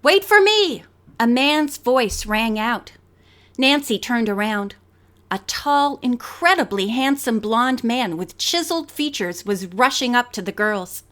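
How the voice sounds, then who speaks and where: Brief: female audiobook narrator, high voice, expressive reading. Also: measured pace. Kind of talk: scripted narration.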